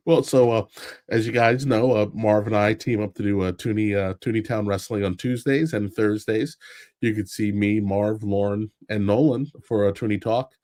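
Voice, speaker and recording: Low-voiced guy fumbling his show plug, kinda sheepish. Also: fairly even intonation, normal speed, darkish tone. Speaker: panel guest, wrestling show co-host. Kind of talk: casual livestream panel chat.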